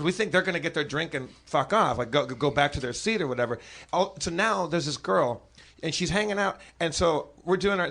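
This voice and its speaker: A man guesting on a live comedy podcast spins animated, profane anecdotes, tripping over restarts as he goes. His voice sits a touch high. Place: stage before a live audience.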